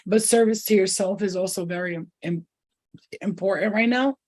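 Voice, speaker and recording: A woman's voice: mid-range voice, normal speed, darkish tone. Blunt, fiery spiritual reader woman. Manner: blunt, profane and fiery when riled; rambling, repeats herself often. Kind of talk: intuitive reading to camera.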